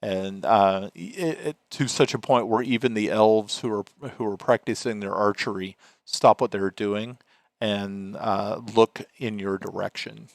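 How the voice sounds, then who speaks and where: A man's voice: lowish voice, steady tone, a little slow, vocal fry, no echo. A man narrating as game master of a tabletop game, hesitant and full of fillers.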